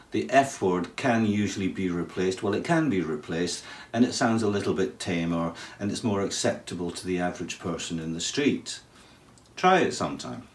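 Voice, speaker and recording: Slow, deep-voiced man explaining. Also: far from the mic. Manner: chatty, wry, humorous asides. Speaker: English teacher. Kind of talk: casual explainer video. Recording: roomy, off-mic sound.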